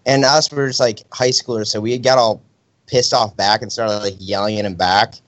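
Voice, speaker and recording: A young man casually chatting as a podcast co-host, telling an animated story and acting out the people in it. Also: fairly low pitch, normal speed, no echo. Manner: animated storyteller, acts out quotes. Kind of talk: casual chat. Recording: dry, slightly dull sound.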